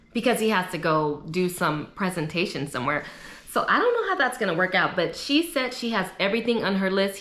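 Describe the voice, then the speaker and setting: A young adult woman, chatting casually and opinionatedly as she recaps a reality show. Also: lowish voice. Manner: chatty, opinionated, animated asides. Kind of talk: casual chat. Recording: echoey room.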